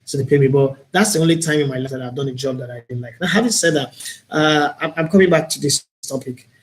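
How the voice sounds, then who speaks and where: A man's voice: mid-range voice, fast. A man with a Nigerian accent hosting a live-streamed talk show, speaking in an earnest, opinionated, reflective way. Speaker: host and broadcaster.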